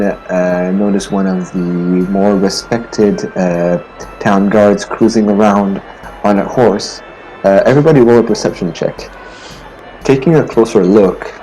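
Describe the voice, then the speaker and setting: A man narrating as game master of a tabletop game, relaxed with frequent fillers. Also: fairly low pitch, poor audio.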